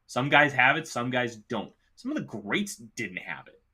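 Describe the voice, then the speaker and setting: A man's voice: medium pitch, sing-song, normal speed, bright, forceful tone, slightly rough. A man hosting a casual sports talk show, giving emphatic, opinionated takes with the hiccups. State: has the hiccups. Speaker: podcast host.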